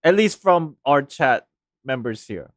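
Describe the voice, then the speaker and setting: Animated male streamer. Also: medium pitch, unhurried, no room sound, studio quality. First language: Korean. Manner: animated, rambling, laughs often. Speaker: game streamer. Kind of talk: casual livestream chat.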